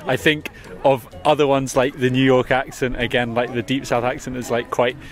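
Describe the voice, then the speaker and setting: A man's voice: medium pitch, level tone, moderate pace. A British man giving his opinions in a street interview, chatty and full of "like". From Britain. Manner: chatty, hedging with "like". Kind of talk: street vox pop. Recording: street interview with loud music behind.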